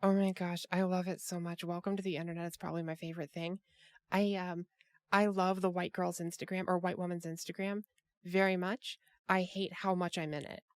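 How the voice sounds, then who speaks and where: A woman's voice: lowish voice, level tone, fairly quick, no room sound. A woman hosting a casual group chat over a call, rambling with many restarts and fillers. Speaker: podcast host.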